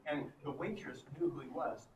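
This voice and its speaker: A man's voice: fairly high pitch, lively intonation, normal speed. A man from Texas telling laughing, profane anecdotes as a guest on a convention panel, heard in a noisy hall from far off.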